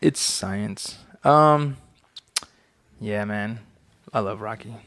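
A young man in halting, rambling casual chat, searching for words. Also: on the low side, fairly bright tone, no echo.

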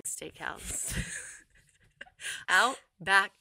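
A woman hosting a podcast, chatting casually and joking in animated banter. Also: mid-range voice, very slow, vocal fry, no room sound. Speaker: podcast host.

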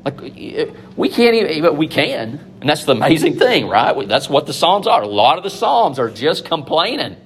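A man preaching a sermon, animated and conversational, acting out biblical figures in quick asides. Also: fairly high pitch, slightly rough.

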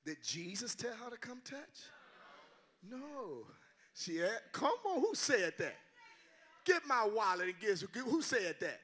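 An older man preaching a sermon as a guest pastor, shouting in call-and-response. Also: sits high, big pitch swings, a little slow.

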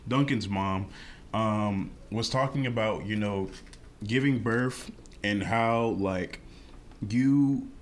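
Low-voiced young man chatting. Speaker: podcast co-host. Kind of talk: casual chat. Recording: faint background noise.

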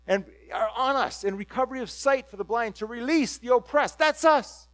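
Speaking briskly, a male preacher turns his sermon into a lively tale, acting out the crowd in excited bursts. His voice sits high for a man, recorded dry and close without room sound, over a low mains hum.

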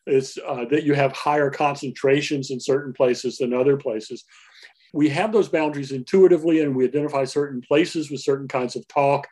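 A man speaks as an interview guest, laying out ideas in a measured, explanatory way. His pitch sits in the middle of the range, and he pauses on filler words while he thinks. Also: fairly even intonation, mellow, slightly rough. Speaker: linguist guest.

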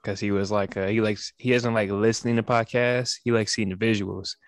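A man's voice: on the low side, fairly even intonation, fairly quick, no echo, studio quality. A man co-hosting a casual podcast, brash and boastful, cursing freely. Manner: brash, profane, boastful joking. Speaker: podcast co-host.

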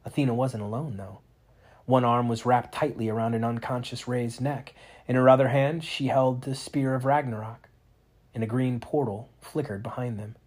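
A man narrating a fantasy storybook aloud in a dramatic, expressive reading. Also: mid-range voice, normal speed, slightly rough.

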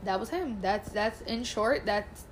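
A woman's voice: mid-range voice, a little slow, slight background noise. A young woman in casual chat, telling a personal story candidly with plenty of profanity and quoted voices. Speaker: guest telling her story.

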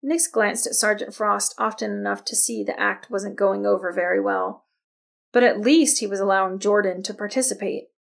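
A woman narrating a novel as an audiobook, reading in a steady, even storytelling manner. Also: mid-range voice, moderate pace, vocal fry. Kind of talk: scripted narration.

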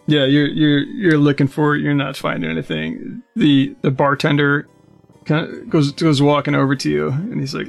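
Gravelly-voiced game master. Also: male voice, on the high side, flat delivery, faint music behind. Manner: halting, full of fillers. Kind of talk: narrating a tabletop game.

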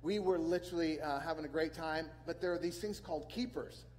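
A man's voice: a little high, fairly quick, a little mellow, big-room sound, low-quality recording. A man preaching a sermon as pastor, earnest, repeating words and phrases for emphasis.

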